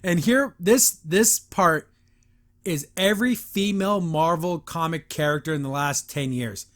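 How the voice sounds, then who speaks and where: A male podcast host giving a casual, chatty cartoon review with a high-pitched voice. He laughs often and slips into the characters' lines as he retells the scenes. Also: a little slow, a bit bright.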